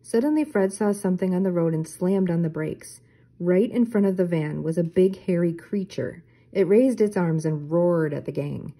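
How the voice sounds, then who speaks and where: Soft-voiced older woman reading aloud. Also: lowish voice, moderate pace, husky, low-quality recording. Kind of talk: storybook read-aloud.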